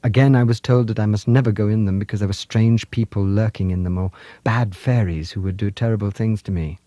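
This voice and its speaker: A man telling stories from his childhood in India in a gentle, lyrical, unhurried way. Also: fairly low pitch, steady tone, no room sound. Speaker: storyteller. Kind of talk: storytelling narration. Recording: music playing underneath.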